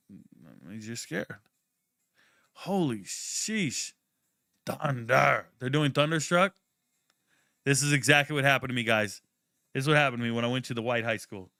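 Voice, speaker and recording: A man's voice: mid-range voice, measured pace, creaky, long pauses, dry recording. Young man, stream host, slangy and profane, dry close sound. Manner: animated, slangy and profane, swings into loud outbursts. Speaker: host of a draft watch party stream. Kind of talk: casual live commentary and storytelling.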